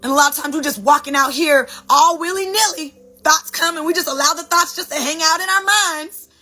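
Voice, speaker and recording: A woman talking as a sound healer, animated and preachy, giving a dramatic motivational spiritual talk. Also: high voice, fairly quick, faint music behind.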